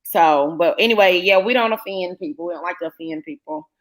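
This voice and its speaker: A woman's voice: fairly low pitch, fairly quick. A woman hosting a casual live-stream panel. She tells stories in a chatty way and acts out the lines she quotes.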